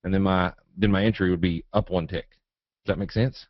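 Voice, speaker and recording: A man with a Southern accent from Eastern Kentucky leads a live webinar on trading in a low, easygoing voice. He jokes in a folksy way as he reads out questions and answers them. The audio is dry and slightly muffled, like a dull web stream. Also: normal speed, dry recording. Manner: folksy, relaxed, joking. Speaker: trading educator. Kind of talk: live webinar teaching, reading viewer questions.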